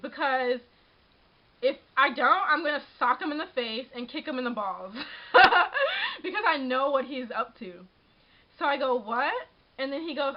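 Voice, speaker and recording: A young woman telling a story in a casual vlog, animated and exasperated, breaking into laughs and filling her talk with "like". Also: sits high, lo-fi sound. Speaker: vlogger.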